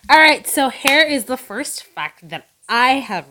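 A woman's voice: high voice, expressive, unhurried, sharp tone. Upbeat woman sharing fun facts. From Jamaica. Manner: reads out fun facts, upbeat, hesitant fillers. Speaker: podcast co-host. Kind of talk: casual chat.

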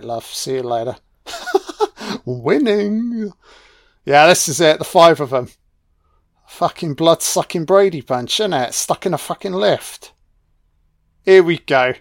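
British guy, film commentary, slow drawl, foul-mouthed sarcasm, dry close sound. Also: a little high, no room sound. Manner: sarcastic, heavily profane mockery. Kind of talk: audio commentary, riffing on a film.

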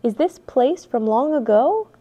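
Fearless little girl, soft and coaxing, with a high voice, read by a woman. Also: animated, a little slow, dull audio. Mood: gentle. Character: fearless friendly little girl, animal lover.

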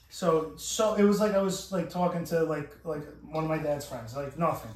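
A man tells a meandering, profane story, full of restarts and quoted lines. His voice sits a touch high. He sounds set back from the mic in an echoey room. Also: normal speed, hardly any pauses, a little mellow, far from the mic, slight background noise. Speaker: podcast host. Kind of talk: casual storytelling chat.

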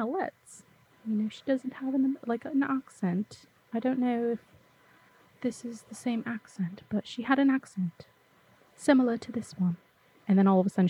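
A woman casually recapping and reviewing a spy movie, chatty and excitable, with lots of fillers and free swearing. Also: medium pitch, no room sound, highs cut off.

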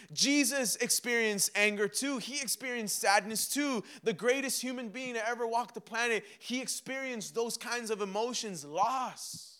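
A young man preaching a sermon, animated and humorous, acting out little dialogues with himself and God. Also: very high-pitched. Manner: mixes laughter and humor into preaching. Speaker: pastor.

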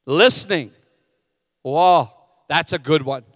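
A man's voice: a little high, slow, a bit bright, clean studio sound. A middle-aged man preaching a sermon as a pastor, candid and self-deprecating in his asides. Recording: long hall reverb.

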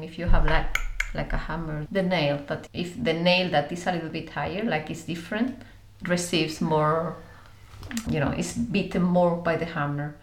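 A woman, telling stories as an interview guest in a lively way, acting out voices and using many fillers. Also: sits low, echoey room. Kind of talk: conversational storytelling.

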